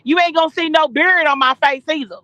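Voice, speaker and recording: High, sharp-voiced woman, heated and profane live-stream rant from a car, dry muffled audio. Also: no room sound. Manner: loud, profane, confrontational, fast bursts. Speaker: guest caller on a live stream. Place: in a car while driving.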